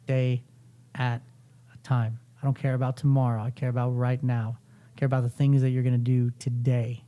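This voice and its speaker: A man's voice: medium pitch, dark tone. A young man hosting a podcast, coaching a guest through an intense, profane motivational pep talk.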